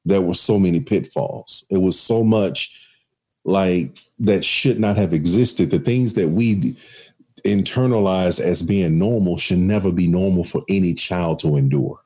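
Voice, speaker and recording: A man's voice: deep voice, measured pace, mellow, breathy edge. A man in casual conversation, reflective and storytelling, with many restarts.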